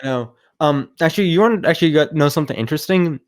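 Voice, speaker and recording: A man's voice: on the high side, racing, no room sound, studio quality. A man co-hosting a podcast, teasing his friends bluntly in casual chat. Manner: teasing, blunt, plugs games between jokes. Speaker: podcast co-host.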